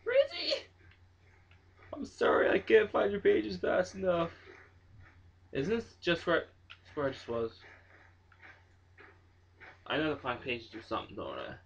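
A man's voice: a little high, lively intonation, measured pace, vocal fry, long pauses, husky. A young man hosting a horror game playthrough, jumpy and nervous, swearing a lot and laughing nervously. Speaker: gaming channel host. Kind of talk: horror game let's play commentary. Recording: dull lo-fi home mic.

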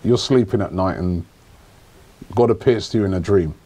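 A man's voice: sits low, normal speed, warm tone. A man hosting a casual podcast chat, teasing his guest, laughing and repeating points to needle him. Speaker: podcast host.

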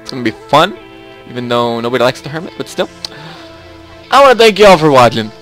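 A man's voice: medium pitch, big pitch swings, fast talker, a bit bright, faint music behind. A young man hosting a casual game commentary, chatty and rambling, often repeating himself. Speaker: let's play host.

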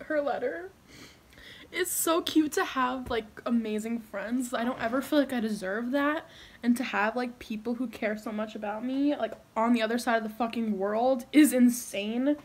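A young woman chatting to camera in a casual vlog, bubbly and gushing, giggling often. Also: on the high side. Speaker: vlogger.

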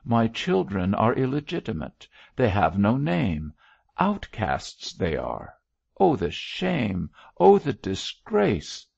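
Older bishop, grave and stately, lamenting, read by a male audiobook narrator; slow, gravelly. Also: lowish voice, huge pitch swings, no room sound, lo-fi sound, full character voice. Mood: anguished. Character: anguished older male bishop, grey-haired.

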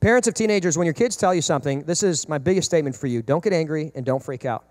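A man in his thirties, a pastor preaching a sermon, animated and acting out quoted parents and kids. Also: on the high side, fast, big-room sound.

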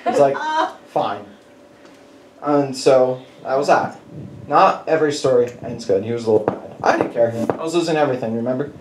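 A man preaching a conversational sermon, telling personal stories in an animated way and chuckling as he goes. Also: medium pitch, fairly quick, far from the mic. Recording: echoey hall with faint background noise.

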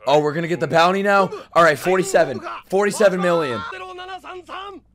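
A man streaming a live anime reaction, excitable and profane, often shouting out his reactions to the show. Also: high-pitched, normal speed, crowd noise. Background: anime soundtrack and music playing.

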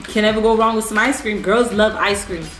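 A woman's voice: mid-range voice, brisk, roomy sound, faint music behind. A woman hosting a gaming video, giving playful, teasing commentary as she plays alongside someone. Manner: playful, animated, teasing coach. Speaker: gaming channel host. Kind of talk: casual gameplay commentary.

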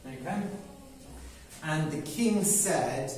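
A man's voice: mid-range voice, expressive, extremely slow, pauses often, a little mellow, recorded from a distance. A man telling a simple story to English learners, explaining words as he goes and checking in with "okay?". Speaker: English teacher. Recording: very echoey room, voice away from the mic.

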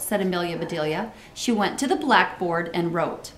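Woman storybook reader, expressive and lively, asks listeners questions; roomy echo. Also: on the low side, normal speed, few pauses. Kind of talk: reading a children's book aloud with comments.

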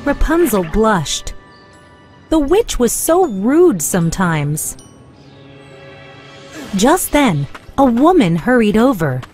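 Woman narrator for a kids' story, unhurried, clear, expressive, lively lilt, soft music behind. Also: on the high side. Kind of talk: scripted children's story narration.

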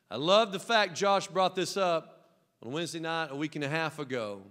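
A man preaching a Pentecostal sermon as pastor, emphatic and joking, dropping to a hush and then rising to loud cries. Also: on the high side, normal speed. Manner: emphatic, swinging from hushed to loud, joking asides. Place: church sanctuary with balcony. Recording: long church hall reverb.

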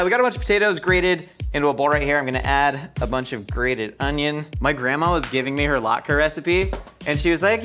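A man hosting a cooking show, narrating his cooking with rambling jokes and quick anecdotes. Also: a little high, sharp tone. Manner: rambling, joking, doing quick voices for anecdotes. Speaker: host and chef.

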